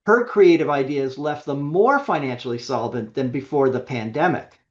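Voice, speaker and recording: A man coaching an online webinar audience, lively and emphatic, often restarting his sentences. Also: medium pitch, moderate pace, highs cut off. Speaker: webinar presenter. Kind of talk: coaching talk with worked examples.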